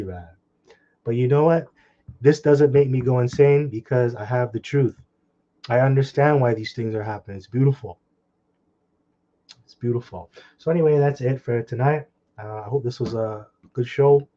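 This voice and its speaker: A man preaches in a dark, mellow voice, reading scripture slowly and then breaking into heated, scornful commentary. His speech is full of crude insults and short laughs. The recording sounds dull and lo-fi. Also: medium pitch. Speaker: online preacher.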